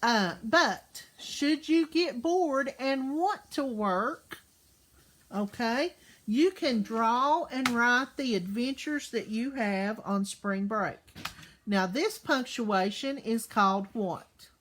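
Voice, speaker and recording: A woman teaching young children in a recorded class. She talks slowly and patiently, checking in with "okay?" after each point and asking lots of questions. Her voice sits fairly high and stays unhurried. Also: lively intonation, a bit bright, a little hiss or hum.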